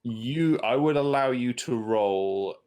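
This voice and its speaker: A man's voice: medium pitch, takes it slowly, darkish tone. A man running a tabletop game as game master, describing scenes hesitantly with many ums and uhs.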